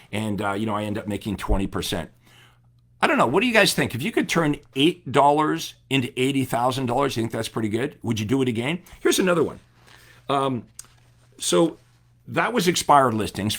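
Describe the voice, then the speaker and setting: A man coaching real estate agents in a seminar talk, energetic and asking the audience questions. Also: mid-range voice.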